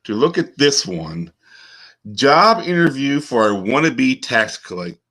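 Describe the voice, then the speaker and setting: Man, middle-aged, host, crossword chat, joking, unhurried, bright tone. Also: medium pitch, sing-song. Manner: joking, slow and musing, breaks into silly voices. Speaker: podcast host. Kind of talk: casual chat solving a crossword.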